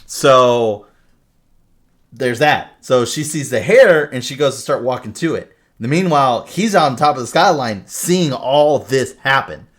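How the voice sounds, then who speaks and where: A man co-hosting a podcast, retelling a movie plot in casual, animated talk full of swearing and fillers. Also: mid-range voice, measured pace. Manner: animated storyteller, heavy swearing, many fillers. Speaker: podcast co-host.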